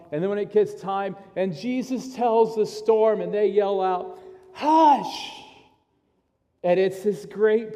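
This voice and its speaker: A man preaching a sermon as pastor, telling stories in an earnest, animated way. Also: fairly high pitch. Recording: long hall reverb.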